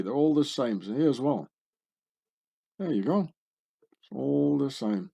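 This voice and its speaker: A man's voice: medium pitch, animated, measured pace, gravelly, long pauses, dark tone, husky. A man hosting his own channel and talking through images on screen, in a sardonic, conspiratorial way, often tagging remarks with questions. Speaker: channel host. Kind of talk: screen-share commentary.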